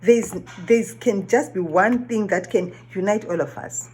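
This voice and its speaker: A woman's voice: mid-range voice, unhurried, darkish tone, a little hiss or hum. A woman whose first language is not English, giving an earnest reflective monologue, often asking questions and repeating phrases. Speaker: vlogger.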